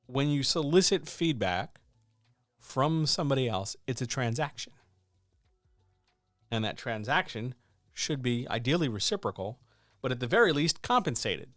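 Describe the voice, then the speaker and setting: A man's voice: mid-range voice, lively intonation, moderate pace, long pauses, a bit bright, no echo, studio quality, soft background music. A man coaching writers in a casual, emphatic way, often asking rhetorical questions. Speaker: writing coach and editor. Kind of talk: casual instructional talk.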